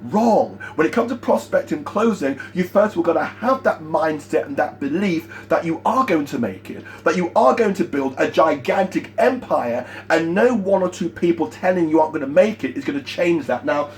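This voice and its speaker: A man giving a motivational sales training talk, emphatic and energetic, repeating his key points. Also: fairly high pitch, normal speed, few pauses, slight background noise.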